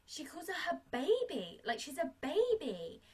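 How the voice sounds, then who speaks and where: A woman chatting casually on a podcast, retelling a film scene with swearing and quick acted-out character voices. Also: high-pitched. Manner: animated, swearing, acts out characters in quick bursts.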